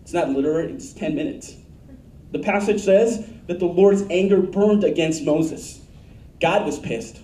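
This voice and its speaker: Pastor, male, high-voiced, mellow tone, blunt emphatic sermon delivery, roomy church sound from off-mic. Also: unhurried, far from the mic. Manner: blunt, emphatic preaching with asked-for audience answers.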